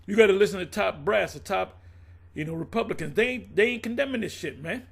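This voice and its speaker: A man's voice: sits high, brisk, gravelly, breathy edge. A man giving casual, emphatic commentary on the news and prophecy, rambling and swearing as he talks.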